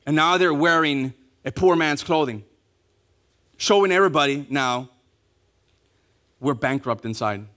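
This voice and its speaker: A man preaching a sermon, acting out quotes and dropping to a hush on key words, asking the congregation to repeat after him. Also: fairly high pitch. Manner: animated, acting out quotes, dropping to hushed emphasis; repeats key phrases, asks congregation to say it along. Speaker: pastor.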